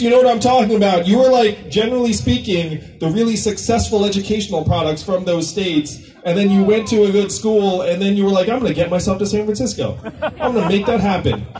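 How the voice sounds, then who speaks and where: Man, presidential candidate, rally speech, joking, conversational, high-pitched, distant mic. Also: dark tone, roomy sound, slight background noise. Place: political rally venue.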